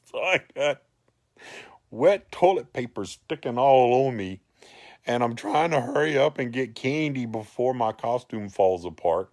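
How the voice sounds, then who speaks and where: A man, animated and rambling as he tells a personal story to a group. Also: medium pitch, unhurried, no room sound, studio quality. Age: 40s. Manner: rambling, animated, laughs through his lines.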